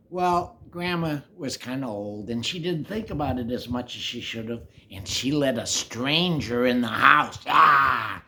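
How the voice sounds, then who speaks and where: A man's voice: mid-range voice, measured pace, few pauses. Older man telling a story to kids. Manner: animated, whispery asides, playful. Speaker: children's storyteller. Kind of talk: children's storytelling.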